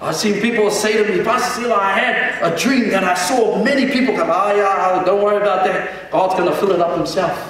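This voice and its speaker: A man's voice: high-pitched, fairly even intonation, fairly quick, hardly any pauses, fairly bright tone, very echoey, big-room sound, distant mic, a little hiss or hum, low-quality recording. A man preaching a sermon as senior pastor in a church, calling the congregation to respond and often restarting his words.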